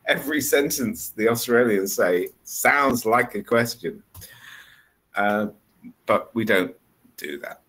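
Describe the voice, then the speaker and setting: A man's voice: mid-range voice, takes it slowly, fairly bright tone, rough recording. A man tutoring English one-on-one over a video call, explaining patiently with repeated examples. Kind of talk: one-on-one online English lesson.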